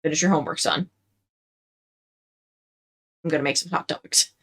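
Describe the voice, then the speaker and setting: A woman's voice: deep voice, fairly even intonation, normal speed, vocal fry, fairly bright tone, full character voice. A woman voicing a stern police officer father who lectures his son.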